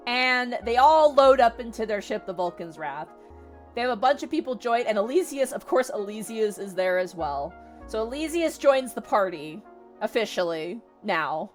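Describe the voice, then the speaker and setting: A young woman streamer casually retelling a story, animated and full of filler words and swearing. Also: medium pitch, moderate pace, faint music behind.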